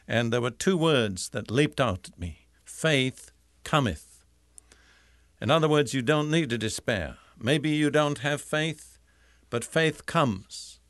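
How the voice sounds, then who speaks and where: A man preaching a sermon in a measured, deliberate way, slowing down to stress key phrases. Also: mid-range voice, a bit bright, no echo, studio quality. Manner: measured, deliberate, slows for emphasis.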